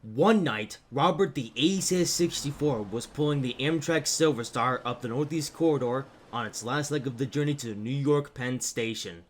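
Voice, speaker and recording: A man narrating a cartoon story in a plain, steady manner. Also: medium pitch, normal speed, few pauses.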